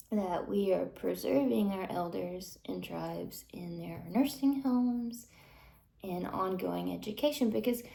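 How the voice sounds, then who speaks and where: A woman ranting in an indignant monologue to camera, often dropping into hushed whispered asides. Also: medium pitch, creaky, roomy sound. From United States. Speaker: vlogger.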